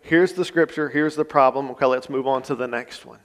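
Preaching in a church sanctuary, a male pastor uses a mid-range voice at a fairly quick pace. He is conversational and plain-spoken, dropping folksy asides, and the recording has a long church reverb.

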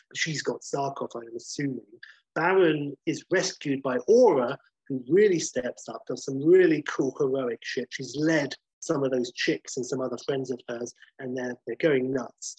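A man's voice: mid-range voice, husky, no room sound, dull audio. A man casually recapping a film plot, rambling and swearing freely, with lots of ums.

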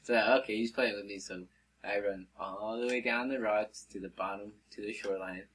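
A man's voice: lowish voice, fairly even intonation, brisk, a bit bright, husky, rough recording. A man telling a story to friends in a rambling, profane way, full of fillers. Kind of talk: casual chat.

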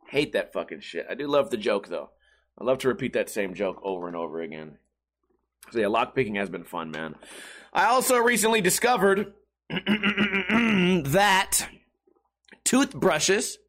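Speaking at a normal speed in a high, expressive voice that sounds pushed and bright, the young YouTuber chats casually with viewers, relaxed and jokey, swearing a lot and calling people dude.

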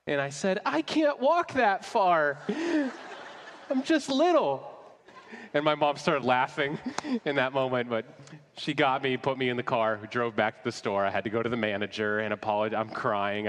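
Guy pastor preaching, bit high voice, long hall echo, jokey storytelling vibe. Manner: warm storytelling with self-deprecating humor. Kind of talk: sermon. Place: church sanctuary. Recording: long reverb of a large hall.

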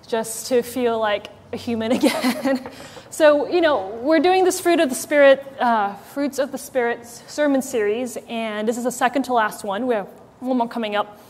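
A woman's voice: on the high side, moderate pace, darkish tone, in a large hall, a little hiss or hum. A woman giving a casual conversational sermon as a church's executive director, chatty and wry, with frequent ums and likes. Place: church meeting hall with live audience.

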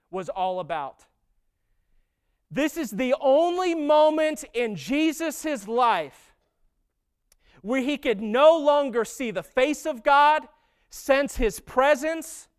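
A man preaching a sermon as pastor, talking in a conversational way and rising to slow, emphatic stresses. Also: very high-pitched, clean tone.

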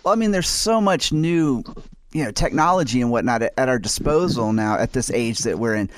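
A man's voice: mid-range voice, lively intonation, fairly quick, dry recording. A man from the New Orleans area hosting a casual interview, rambling with many fillers. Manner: rambling, lots of "you know". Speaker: podcast host.

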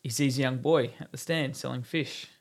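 A man's voice: medium pitch, steady tone, normal speed, gravelly. A man co-hosting a dads' podcast, chatting casually, rambling a little and laughing often. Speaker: podcast co-host. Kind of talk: casual chat, telling a joke.

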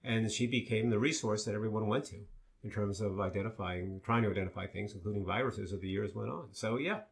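A man's voice: on the low side, a little fast, gravelly. Chatty male co-host telling stories. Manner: relaxed storytelling with many fillers. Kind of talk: casual conversational chat.

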